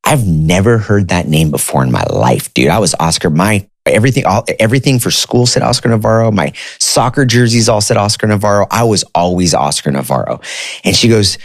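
Deep-voiced man telling his story. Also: lively intonation, brisk, no room sound, studio quality. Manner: conversational, loose, peppered with "like" and "dude". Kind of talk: casual personal storytelling.

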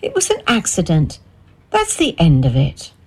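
A woman's voice: on the low side, huge pitch swings, moderate pace, darkish tone, husky, heavily acted. Woman doing a firm, warning grown daughter.

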